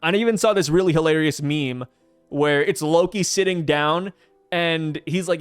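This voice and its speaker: Man, high voice, dry close sound, faint music behind, chatty manga commentary. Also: moderate pace, clear, resonant tone, no echo. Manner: excitable, chatty, lots of fillers and acted-out quotes. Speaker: manga reviewer. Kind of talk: casual commentary.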